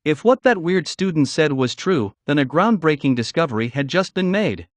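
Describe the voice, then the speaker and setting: A man's voice: on the high side, expressive, moderate pace, no echo. A man narrating a fantasy novel in the first person, reading steadily with occasional slips. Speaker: audiobook narrator.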